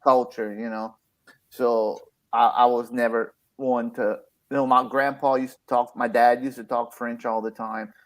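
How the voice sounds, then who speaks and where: A man's voice: medium pitch, flat delivery, unhurried. An older man, hosting a casual chat and rambling, repeating himself and laughing often. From Louisiana. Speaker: host.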